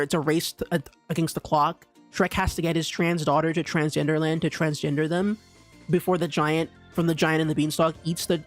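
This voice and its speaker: Young man, live streamer, rambling, stammering, slightly high voice, faint music behind. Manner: rambling, stammering, frequent restarts and repeats. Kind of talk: casual live-stream commentary.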